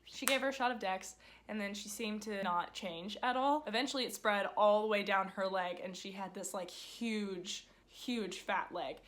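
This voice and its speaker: A woman's voice: mid-range voice, moderate pace, a bit bright, slight background noise. A young woman vlogger telling a story in a casual, chatty way, full of "like", acting out what people said. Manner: chatty, lots of "like", acts out quoted people. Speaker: vlogger, horse owner.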